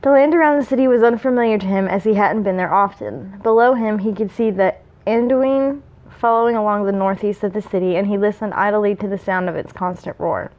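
A woman's voice: medium pitch, fairly quick, lo-fi sound. A woman reading fan fiction aloud, with small slips and asides. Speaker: reader.

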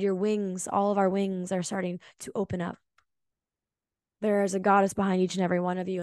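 A woman hosting a reflective podcast monologue, speaking in a heartfelt, emphatic way and now and then swearing for weight. Her voice sits at an ordinary middle pitch for a woman. It is recorded dry and close, with no room echo. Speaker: podcast host.

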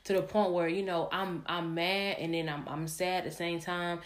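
A woman's voice: fairly low pitch, little pitch movement, moderate pace. A young adult woman hosting a podcast, telling a candid personal story in a rambling way with many fillers and restarts. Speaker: podcast host.

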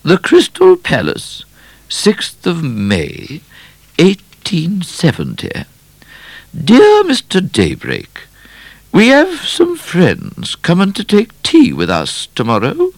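A man voicing a stately old queen in a storybook reading, speaking slowly in grand, formal tones. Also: high-pitched, huge pitch swings, gravelly, no echo, pitched above the performer's own voice, heavily acted. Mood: regal. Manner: slow, grand, formal diction.

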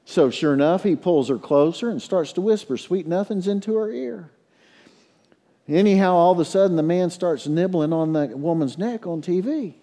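A middle-aged man preaching a sermon as a pastor, telling stories and leading prayer in a hushed low voice. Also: normal speed. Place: church sanctuary. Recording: long reverb in a large hall.

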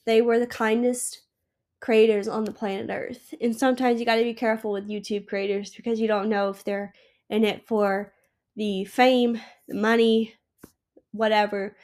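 A woman's voice: fairly high pitch, flat delivery, moderate pace, a little mellow. A sick young woman hosting her own podcast, gushing and emotional in a rambling casual chat. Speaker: podcast host.

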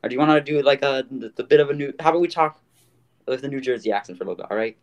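A man's voice: medium pitch, very fast. A man hosting a casual podcast, rambling with many fillers. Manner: rambling, full of fillers and restarts. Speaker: podcast host.

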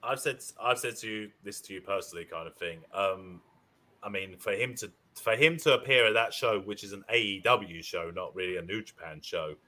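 A man's voice: lowish voice, fairly quick, pushed and bright. A man, co-hosting a casual podcast chat in a laid-back, hedging way. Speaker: podcast co-host.

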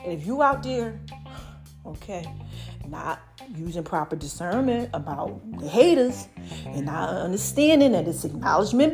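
A woman's voice: on the high side, a little mellow. A woman giving a playful, casual motivational talk to her viewers, laughing and acting out little voices. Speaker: vlogger.

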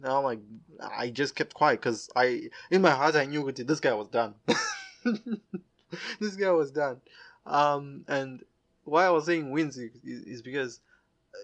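A young man tells a story in a gravelly voice at an ordinary pitch. He slips between English and Shona, laughs often, and swings from loud bursts down to quiet asides.

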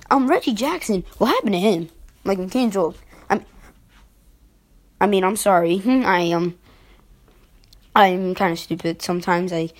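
A young woman gives casual basketball commentary at an unhurried pace. She rambles and sounds exasperated, often stopping herself with fillers and small laughs. Her pitch sits in a middle range. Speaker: basketball vlogger. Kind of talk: casual sports commentary vlog.

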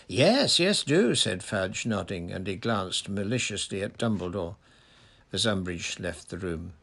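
A man reading a story aloud in a measured, plain narrating voice. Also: low-pitched, fairly even intonation, vocal fry, a bit bright. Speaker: audiobook reader.

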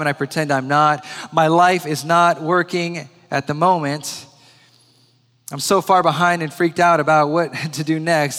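A frayed, exhausted man blurts out his troubles in a raised, higher voice, the words tumbling fast, as a preacher acts him out. The sound carries a long reverb like a large hall. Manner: loud, fast, pleading outburst. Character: worn-out man admitting he is not fine.

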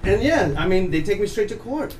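A man from Ukraine, a native Ukrainian speaker, telling a story as a podcast guest in an animated, profane way, laughing often. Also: high-pitched, fairly quick. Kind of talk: casual storytelling. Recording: distant mic, faint background noise.

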